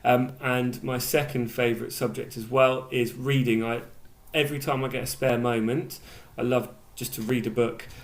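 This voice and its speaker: A man's voice: mid-range voice, steady tone, moderate pace, few pauses. An enthusiastic man teacher greets his new class, talking straight to the children. His voice sits in an ordinary middle range, and his delivery is upbeat and encouraging. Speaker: primary school teacher. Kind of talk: welcome video to pupils.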